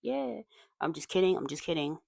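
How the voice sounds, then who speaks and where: A woman's voice: fairly low pitch, lively intonation, moderate pace, fairly bright tone, no echo. A woman hosting a casual commentary video essay, chatty and digressive with many asides, her voice a little tired and strained. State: voice tiring and strained.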